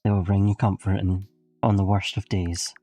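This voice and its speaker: A man voicing a doting, theatrical friend in a visual novel, with a lower, grand and affectionate delivery. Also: level tone, normal speed, warm tone, dry recording, soft background music. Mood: soothing. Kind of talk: reading a visual novel aloud.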